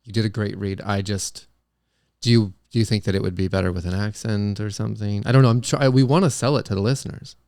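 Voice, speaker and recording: A young man co-hosting a podcast in a smooth, resonant voice, recorded dry and close on a studio mic. He rambles and hesitates, stopping to retake his lines in comedic banter. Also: on the low side, steady tone, fast, darkish tone, no echo. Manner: hesitant, restarts and retakes often. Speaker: podcast co-host.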